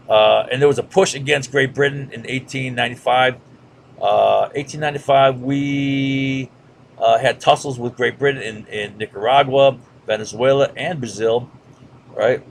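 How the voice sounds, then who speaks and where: Gravelly-voiced man lecturing casually. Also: medium pitch, steady tone, measured pace, slight background noise. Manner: casual, many fillers and "right?" checks. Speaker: history teacher. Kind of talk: classroom lecture over a map.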